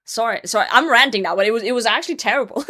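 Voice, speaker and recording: A woman's voice: fairly high pitch, animated, very fast, sharp tone. A woman hosting a livestream, chatting casually with viewers while she plays. She rambles, rants freely and swears offhand. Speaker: livestream host.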